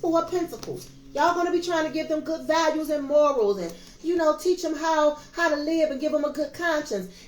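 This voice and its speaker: Emphatic high-voiced woman tarot reader. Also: fairly quick, a little hiss or hum. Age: 50s. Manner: emphatic, preachy, addresses viewers as y'all. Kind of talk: casual tarot reading monologue. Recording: echoey room with faint music.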